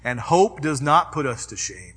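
A male pastor preaching a sermon, swinging from loud urging to quiet reflection, with personal stories woven in. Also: fairly high pitch, big pitch swings, normal speed, slightly rough. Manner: personal storytelling within preaching.

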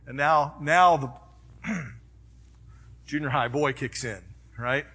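Husky-voiced man preaching with emphasis. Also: fairly high pitch, slow. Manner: emphatic, swings from loud urging to quiet reflection; personal storytelling within preaching. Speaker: pastor. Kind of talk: sermon.

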